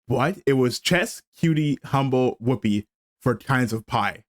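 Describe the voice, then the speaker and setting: Game streamer, male, mid-pitched, ranting casually with restarts; dry mic, soft music bed. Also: measured pace, no room sound. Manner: animated ranting, stammering restarts.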